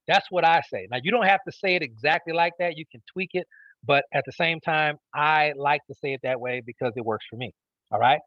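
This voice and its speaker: Fast-talking emphatic male sales trainer. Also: a little high, lively intonation, no room sound, dull audio. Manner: emphatic, repeats key phrases, checks in with "okay?". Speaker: network marketing trainer. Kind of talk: instructional talk.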